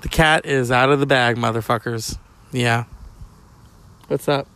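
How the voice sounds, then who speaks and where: A man's voice: medium pitch, fairly even intonation, unhurried, a bit bright, smooth. A middle-aged man hosting a podcast, rambling casually, joking and swearing while chatting to his cat. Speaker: podcast host.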